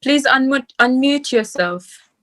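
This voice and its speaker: A woman's voice: sits high, animated, a bit bright, low-quality recording. A woman politely hosting an online meeting and calling on speakers. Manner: polite, quick. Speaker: event host. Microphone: video call.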